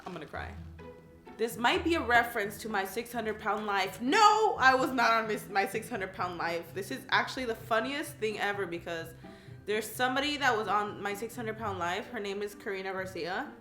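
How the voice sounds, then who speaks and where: A twenty-something from California who runs a YouTube crafts channel reads questions out loud, chatting in a bubbly way with lots of "like" and giggles at her answers. Her medium-pitched voice is expressive, bright and forceful, at a normal speed. The sound is reverberant, with faint music behind.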